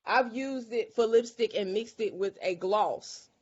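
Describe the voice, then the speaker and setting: Brief: woman makeup class host, casual tutorial chat, lively, muffled call audio. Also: fairly high pitch, measured pace, slightly rough. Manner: lively, exclaims and repeats herself.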